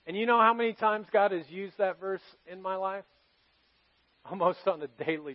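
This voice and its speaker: A male pastor preaching a sermon, telling personal stories earnestly and moving between loud emphasis and hushed moments. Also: sits high, normal speed, lo-fi sound. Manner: earnest, confessional storytelling to a congregation, swinging from loud to hushed.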